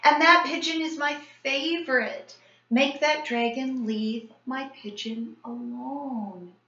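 A woman voicing a tough big boy bully who is upset over his pet pigeon, with a shrill, pleading delivery. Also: slow pace, sharp tone, full character voice. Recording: roomy, slightly dull sound.

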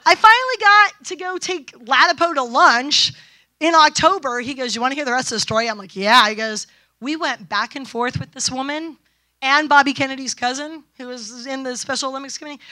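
A woman's voice: high-pitched, fairly quick, pushed and bright, no echo. A middle-aged woman speaking at a conference, brash and storytelling, acting out quoted dialogue. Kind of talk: conference talk. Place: event stage.

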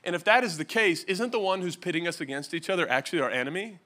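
A man's voice: high-pitched, fast talker, bright, forceful tone. A man in his thirties with a Californian American accent, preaching a humorous sermon from a church stage and talking to the crowd in a joking, conversational way. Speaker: pastor.

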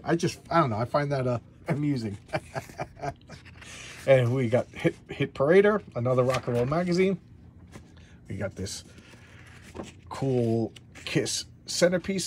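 Brief: laid-back male collector flipping through a back issue, mid-pitched, loose and rambling, faint hiss behind. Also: a little mellow. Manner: rambling, many restarts and fillers. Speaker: comic book collector vlogger. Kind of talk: casual comic review chat.

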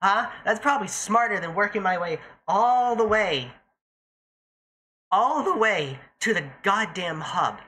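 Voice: mid-range voice, lively intonation, measured pace, sharp tone. A young adult streamer giving casual, profane commentary while playing a game live and chatting to viewers. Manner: chatty, profane, talks to self and chat.

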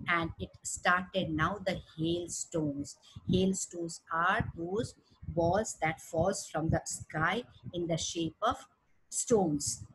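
A woman's voice: on the low side, a little hiss or hum, rough recording. A woman teacher with an Indian English accent, reading a story aloud and explaining it in simple words. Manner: reads a passage aloud, then explains it simply; slow, careful teaching tone with fillers.

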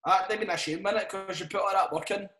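A man's voice: sits high, fairly even intonation, fast, fairly bright tone. A Scottish man and comedian chatting casually on a podcast, swearing a lot and laughing through his stories. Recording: roomy echo.

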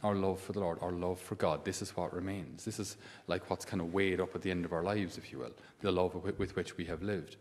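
Priest preaching in a reverberant church. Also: male voice, low voice, fairly quick, few pauses. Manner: conversational, animated with many asides and rhetorical questions. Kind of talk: sermon.

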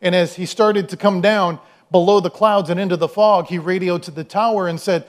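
A man's voice: high voice, steady tone, brisk, hardly any pauses. A male pastor preaching a sermon in a conversational, storytelling way, with asides to the congregation. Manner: conversational, storytelling, acts out quoted voices.

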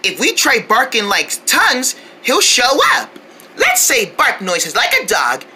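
A woman's voice: a little high, wildly swooping pitch, a little slow, pushed and bright, slight background noise, heavily acted. A woman doing a cheerful, protective big-sister girl. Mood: coaxing. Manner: coaxing, cheerful, talks to the viewer. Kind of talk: toy play-pretend cartoon voice.

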